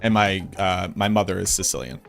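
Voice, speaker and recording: A chatty man with a Boston accent hosts a casual livestream, greeting viewers and answering their messages in a playful way. His voice sits fairly low, with soft music playing faintly behind him. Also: expressive, a little fast, vocal fry. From Boston, United States. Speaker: game streamer.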